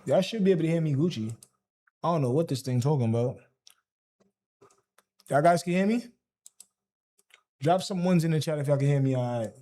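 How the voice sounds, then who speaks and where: A man's voice: a little high, fairly quick, pauses often, soft background music. Hyped, slangy man live-streaming his trades. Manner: excitable, slangy, talks straight to his chat. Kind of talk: live trading stream commentary.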